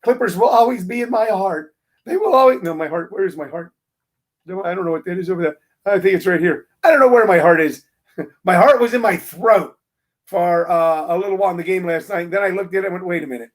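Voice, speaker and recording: A man hosting his own show, talking through a casual monologue in an animated, emphatic way, ranting with playful jabs. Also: sits high, a little fast. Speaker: show host.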